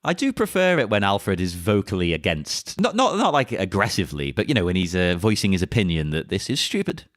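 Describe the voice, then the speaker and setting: A man's voice: low voice, very animated, a little fast, no room sound, studio quality. A man co-hosting a casual film podcast, chatting with a laugh and asking the guests questions. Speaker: podcast co-host. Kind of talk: casual film-discussion chat.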